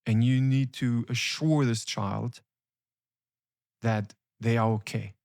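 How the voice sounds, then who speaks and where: A man speaks as a coach, pressing his points with urgent conviction and repeating key phrases over and over. His voice sits at an ordinary middle pitch. The sound is dry and close, with no room around it. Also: fairly even intonation, takes it slowly, darkish tone, dry recording. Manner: emphatic, repetitive, urgent. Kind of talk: motivational coaching talk.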